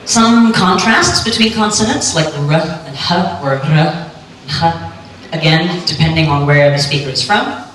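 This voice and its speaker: A woman giving a clear, lightly joking talk on pronunciation to a live audience at a conference. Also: deep voice, animated, normal speed, a bit bright. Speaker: conference speaker on pronunciation teaching. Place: lecture hall. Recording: echoey hall, distant mic, faint hum.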